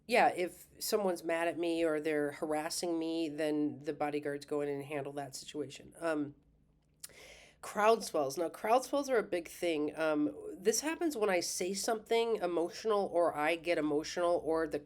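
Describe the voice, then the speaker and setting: Rambling woman astrologer, lowish voice. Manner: rambling, many fillers and restarts, laughing. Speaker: astrologer and school host. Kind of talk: casual monologue.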